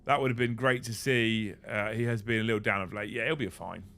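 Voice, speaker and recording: A man hosting a casual chat, telling an animated story and swearing freely. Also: fairly low pitch, a little fast. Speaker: host.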